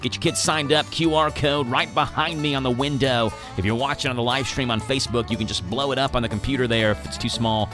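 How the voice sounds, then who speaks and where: A man's voice: mid-range voice, fast talker, hardly any pauses, music in the background. A man hosting a morning radio show, talking casually and walking through points one by one. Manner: chatty, explains in numbered points. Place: radio studio. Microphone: studio microphone.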